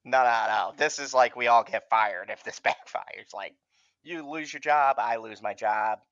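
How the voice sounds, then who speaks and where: A man hosting a movie watch-along, chatting casually and excitedly, swearing often and laughing as he reacts. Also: mid-range voice, measured pace, no echo, muffled recording. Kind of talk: casual chat, reacting to a film.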